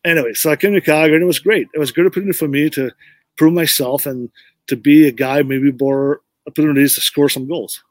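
A man's voice: on the high side, steady tone, fast, dry recording. Rambling middle-aged man telling a story. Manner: rambling, restarts often, tells stories with quoted dialogue. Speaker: podcast guest, former pro hockey player. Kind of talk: casual interview storytelling.

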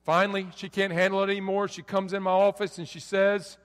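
Middle-aged male pastor, high voice, preaching in a church sanctuary with long hall reverb, soft lows to loud peaks. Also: level tone, brisk, few pauses. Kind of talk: sermon.

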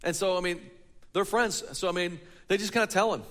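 A man's voice: sits high, steady tone, a little fast, fairly bright tone. A man preaching a sermon in a church hall, telling a story and building it with rhetorical questions. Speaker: pastor.

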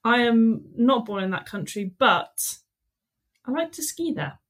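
Relaxed, joking young woman. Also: on the high side, unhurried. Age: young adult. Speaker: podcast co-host. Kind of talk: casual chat.

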